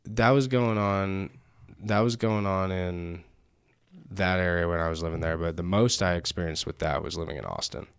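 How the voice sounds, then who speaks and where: Young male podcast host with a very low voice, dry and close on the mic; loose, rambling, profane chat. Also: moderate pace, smooth, dry recording. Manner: rambling, swears often, many fillers. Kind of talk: casual chat.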